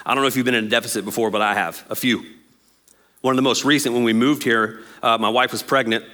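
A man, preaching a sermon as pastor in an animated, jokey way and acting out quotes. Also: medium pitch, fast.

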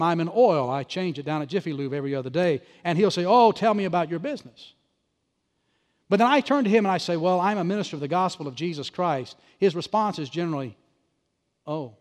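A high-voiced male pastor preaches in a big church sanctuary, his words trailing off into a long hall reverb. He delivers his sermon with animated, punchy energy and drops sarcastic asides.

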